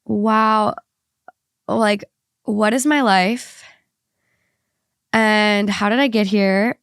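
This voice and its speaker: A woman's voice: medium pitch, fairly even intonation, drawn-out words, clean tone, dry recording, studio quality. A woman hosting a podcast in casual chat, congested and stuffy, talking emotionally and swearing casually. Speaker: podcast host.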